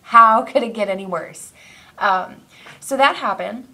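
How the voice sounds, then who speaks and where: A woman's voice: mid-range voice, unhurried, pushed and bright. Rambling, emotional young woman vlogger. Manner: rambling, emotional, self-interrupting with fillers and laughs. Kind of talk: casual personal vlog.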